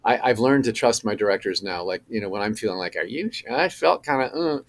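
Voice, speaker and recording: A middle-aged man speaks as a podcast guest, his voice sitting a little low. He tells his stories with many fillers and restarts and grows animated at the punchlines. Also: fast. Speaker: actor guest. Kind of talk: casual podcast interview.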